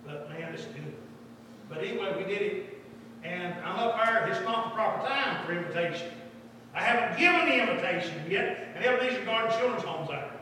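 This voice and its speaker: A man preaching a sermon, telling stories with passion and rising into loud, emphatic cries. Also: high voice, slight background noise. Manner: impassioned storytelling, swelling into loud emphatic cries. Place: large echoey church hall. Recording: distant mic in a large echoing hall.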